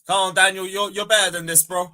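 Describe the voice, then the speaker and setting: A young man hosting a fan livestream, bantering loudly, swearing and taunting viewers. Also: high-pitched, flat delivery, fast talker. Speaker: fan channel host. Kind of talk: casual livestream chat.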